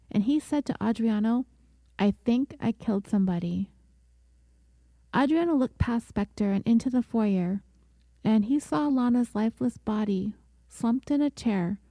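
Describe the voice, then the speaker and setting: Woman with a warm, dry narrating voice. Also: mid-range voice, no echo. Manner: measured, deliberate storytelling delivery. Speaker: podcast host. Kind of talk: scripted true-crime narration.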